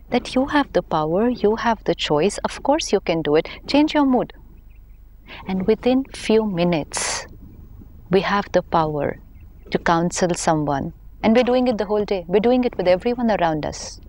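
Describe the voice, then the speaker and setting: A woman from India with an Indian English accent, explaining spiritual ideas in a patient, gently emphatic conversational way. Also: medium pitch, expressive, normal speed. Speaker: spiritual teacher.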